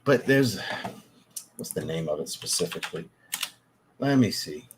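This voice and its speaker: Against a noisy background, a low-voiced man with lively intonation speaks at a measured pace. He's a fragrance reviewer hosting a casual livestream, reading super chats, thanking viewers and swearing from time to time in an easygoing way.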